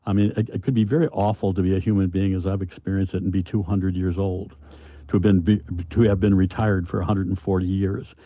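An older man, an author, answering interview questions in a halting, thoughtful way with many restarts. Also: sits low, level tone, dry recording. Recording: dull, lo-fi, dry sound.

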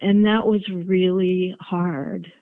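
A woman in her sixties talks slowly and reflectively about her experience. She comes through a thin, phone-like line with a dry sound. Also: lowish voice, fairly even intonation, no echo. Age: 60s. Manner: slow, reflective storytelling. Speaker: patient interviewee.

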